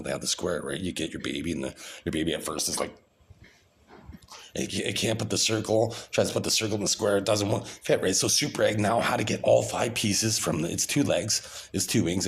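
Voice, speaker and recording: Deep-voiced man rambling on a vlog. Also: gravelly, slight background noise. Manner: grandiose, rambling, repeats and restarts often.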